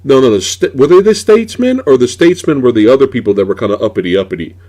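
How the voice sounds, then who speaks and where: A man's voice: medium pitch, lively intonation, rapid-fire, dark tone. A man hosting a casual movie review chat, ranting in a profane, exasperated way. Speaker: podcast host.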